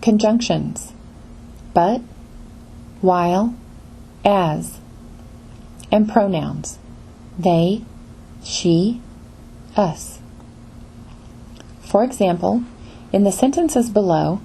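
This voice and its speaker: A woman narrates a pronunciation lesson from a script. She speaks slowly and evenly in a warm, relaxed tone, with a faint hiss under the voice. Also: medium pitch. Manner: slow, even lecture delivery. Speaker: pronunciation teacher.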